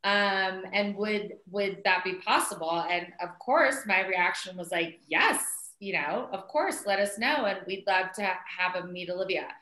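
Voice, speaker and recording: Bright chatty middle-aged woman, roomy sound. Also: medium pitch, unhurried, few pauses. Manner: animated, chatty, quotes herself, many "like" and "um" fillers. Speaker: interview guest, mother of the co-founder. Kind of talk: casual storytelling. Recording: roomy echo.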